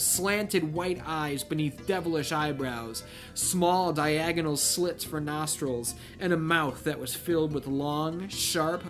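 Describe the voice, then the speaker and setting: A man hosting a comedic read-through of a novel, breaking off from the text for wry asides. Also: on the high side. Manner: wry asides that interrupt the reading. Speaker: channel host reading a novel aloud.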